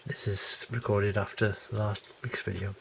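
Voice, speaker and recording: Gravelly-voiced man reviewing a model kit. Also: on the low side, little pitch movement, a little slow, a bit bright, a little hiss or hum. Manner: rambling, hesitant with many fillers and restarts. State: has a lingering cold. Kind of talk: casual unboxing commentary.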